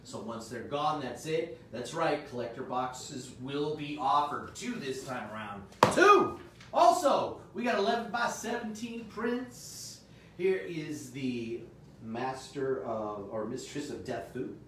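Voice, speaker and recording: Brief: male stream host, average pitch, hyped sales patter with loud shout-outs, recorded in a very echoey room some way from the mic. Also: measured pace, far from the mic, slight background noise. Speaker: host of a comic shop livestream. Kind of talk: live sales stream chat.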